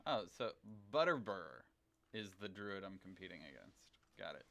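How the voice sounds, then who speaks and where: Bright chatty male game streamer. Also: sits low, very animated, moderate pace, vocal fry. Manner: rambling, chatty, thinks out loud. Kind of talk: casual livestream chat while gaming.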